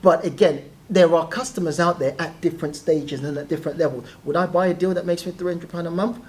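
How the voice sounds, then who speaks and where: A guest telling stories in a casual interview, animated and quick to laugh. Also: mid-range voice. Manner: animated, laughing, acts out quoted voices. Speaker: guest, property deal trainer.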